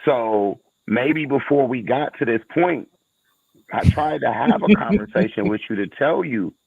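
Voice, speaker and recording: A man's voice: mid-range voice, gravelly, dry recording. A man co-hosting a casual relationship podcast, emphatic and blunt as he builds to a punchline. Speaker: podcast co-host. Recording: tinny phone-line audio.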